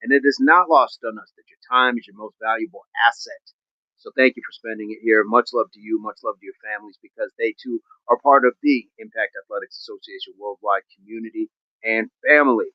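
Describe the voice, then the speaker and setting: A man's voice: fairly low pitch, fairly quick, dry recording, highs cut off. Upbeat man hosting a fitness livestream. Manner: upbeat, rambling, jokey sign-off. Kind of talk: casual livestream chat to viewers.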